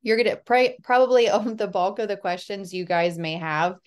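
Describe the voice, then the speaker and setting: A woman presenting a software demo in a friendly, explanatory way. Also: medium pitch, fairly even intonation, moderate pace. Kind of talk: screen-share tutorial.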